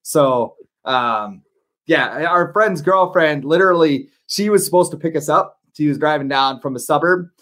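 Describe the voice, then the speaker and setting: A man's voice: on the high side, normal speed, a bit bright. A man co-hosting a podcast, telling a rambling story in casual chat, full of "like" and restarts. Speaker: podcast co-host.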